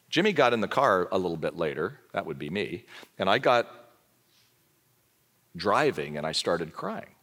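Here a sixties-aged preacher from Southern California speaks in a fairly low, slightly quick voice. His sermon brims with personal stories, and he animatedly performs the dialogue himself.

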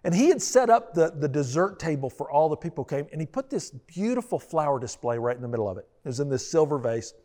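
A man's voice: on the high side, animated, quick pace, few pauses, dark tone. A man telling a self-deprecating personal story as a pastor, in a storytelling sermon style. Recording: long reverb of a large hall.

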